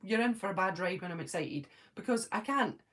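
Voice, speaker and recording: A woman in her forties with a Scottish accent, casually chatting on a live stream and answering viewers' comments, talking fast when excited and filling pauses with ums. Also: medium pitch. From Scotland. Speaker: live-stream host reading chat.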